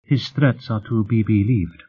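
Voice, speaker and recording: A man's voice: lowish voice, steady tone, measured pace, breathy edge. A man reading a defiant young woman with a clipped, coldly challenging manner, in an audiobook. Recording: tinny phone-like sound.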